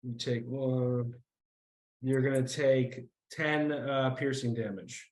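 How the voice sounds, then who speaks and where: A man running a tabletop game as game master, talking in a halting way with many fillers. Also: medium pitch, fairly even intonation, a little mellow, echoey room, poor audio.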